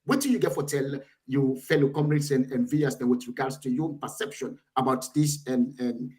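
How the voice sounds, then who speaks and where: A man's voice: medium pitch, moderate pace, a little mellow. A man with a Sierra Leonean Krio accent, hosting an online political talk show and asking long, rambling questions. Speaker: host.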